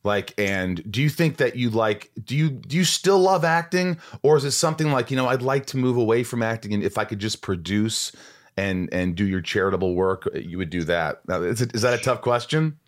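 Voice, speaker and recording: A man's voice: fairly low pitch, fairly quick. A man hosting a podcast, asking playful, teasing questions in casual chat. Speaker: podcast host.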